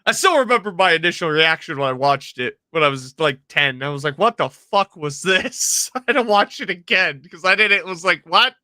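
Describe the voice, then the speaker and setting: A man co-hosting a casual podcast, telling stories in an animated, profane way. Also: fairly high pitch, fairly quick, hardly any pauses, dry recording, studio quality. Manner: animated storyteller, profane, laughs often. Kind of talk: casual chat.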